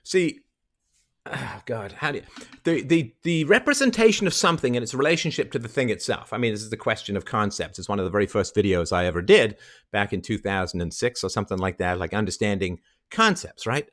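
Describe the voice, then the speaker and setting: A man's voice: on the low side, expressive, fairly quick, fairly bright tone. A middle-aged man hosting a commentary show, ranting emphatically and mockingly with frequent swearing. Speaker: podcast host commenting on a clip.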